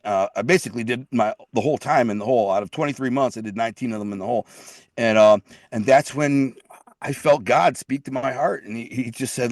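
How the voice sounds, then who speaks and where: A man's voice: medium pitch, no room sound, clean studio sound. A middle-aged man, a guest telling his life story in blunt street talk, repeating and restarting words. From Detroit. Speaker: guest, author. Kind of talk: casual storytelling interview.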